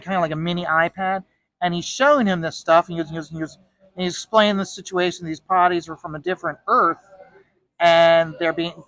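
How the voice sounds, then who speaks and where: Man, comic artist, casual storytelling, rambling, lots of restarts, high voice, dry close sound. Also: fairly bright tone, no echo, poor audio. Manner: rambling, with frequent restarts and repeated words. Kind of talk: casual storytelling while drawing.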